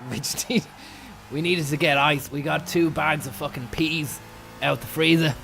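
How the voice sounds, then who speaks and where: Give me a young man spinning an absurd comic tale, slow and deadpan, with a gravelly rasp. He rambles along, swearing casually. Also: a little high, slight background noise. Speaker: comedian streamer.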